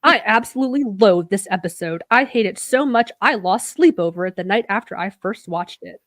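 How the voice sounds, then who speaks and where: A woman's voice: medium pitch, expressive, brisk, no room sound, lightly acted. A woman voicing a scornful internet troll reviewer, reading in a sneering, theatrical way.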